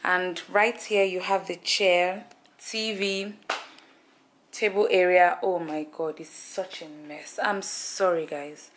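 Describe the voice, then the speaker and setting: A woman's voice: on the low side, steady tone, takes it slowly, a little hiss or hum. A young woman from Nigeria chatting playfully to her handheld camera as she shows off her hotel room and tour day. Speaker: travel vlogger. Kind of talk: casual vlog narration.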